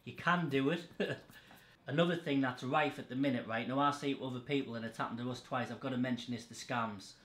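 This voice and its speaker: A man's voice: medium pitch, fast, fairly bright tone. Blunt, sweary man, echoey room. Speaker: podcast host. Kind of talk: casual chat.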